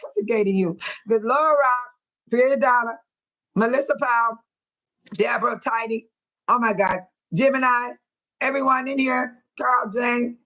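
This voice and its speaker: A woman's voice: fairly high pitch, a bit bright. An older woman hosting a casual livestream, reading chat comments aloud and laughing often. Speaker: livestream host.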